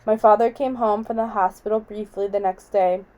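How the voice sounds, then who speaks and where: A woman reading a novel aloud in a quiet, measured way. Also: medium pitch, steady tone, muffled recording. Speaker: audiobook reader.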